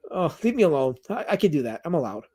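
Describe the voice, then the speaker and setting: A man's voice: on the high side, sing-song, fast, a little mellow, breathy edge. A man hosting a casual livestream, reading out chat comments and rambling with many restarts and fillers.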